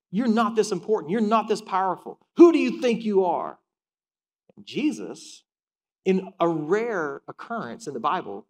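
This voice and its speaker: A male pastor preaching a sermon in a conversational, animated way, acting out the scripture scenes as he tells them. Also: on the high side.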